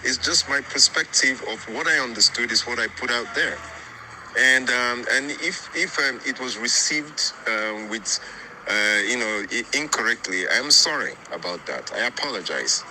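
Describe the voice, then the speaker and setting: An earnest man addresses his group in a conciliatory way, circling back over his points and repeating words. His voice is very bright and sharp. Faint noise sits under the recording. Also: mid-range voice, animated, normal speed, low-quality recording. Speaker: group organizer.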